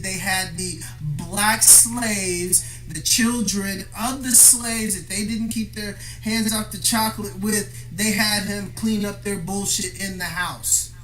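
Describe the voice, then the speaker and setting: A man's voice: high-pitched, bright, forceful tone. A man delivering a profane, aggrieved, confrontational monologue straight to the viewer, vlog style. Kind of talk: ranting monologue to camera.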